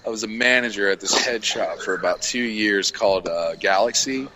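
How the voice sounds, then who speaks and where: A man's voice: lowish voice, normal speed, noisy background. A man telling a crude story in casual podcast chat, voicing both sides of the exchanges he describes. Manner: crude, laid-back storytelling with quoted exchanges.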